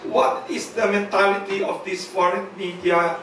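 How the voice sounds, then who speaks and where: A man's voice: high voice, steady tone, moderate pace, a bit bright. A man from the Philippines moderates a forum and asks questions hesitantly, with many fillers. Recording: very echoey hall, far from the mic, faint noise.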